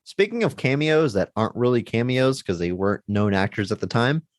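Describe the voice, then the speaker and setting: An enthusiastic man co-hosts a podcast in casual chat, often laughing as he talks. His voice sits at an ordinary middle pitch. The recording is dry and close. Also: expressive, brisk, no echo. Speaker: podcast co-host.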